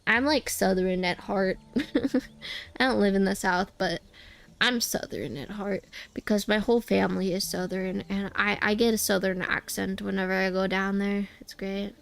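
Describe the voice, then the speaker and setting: A woman's voice: medium pitch, moderate pace, gravelly. A young woman streaming a game, chatting casually and rambling with many restarts. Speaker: VTuber streamer.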